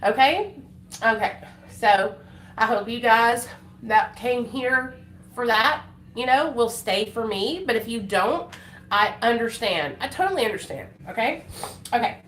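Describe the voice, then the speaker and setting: A woman's voice: fairly high pitch, measured pace, fairly bright tone. A woman, chatting on a casual live stream in a rambling, emotional way with many fillers and restarts. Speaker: livestreaming vlogger. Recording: echoey room with faint noise.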